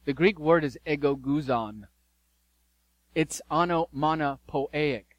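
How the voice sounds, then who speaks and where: Slow, emphatic male preacher. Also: on the high side, no echo, poor audio. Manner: emphatic, dramatic pauses, storytelling. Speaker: pastor. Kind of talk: sermon.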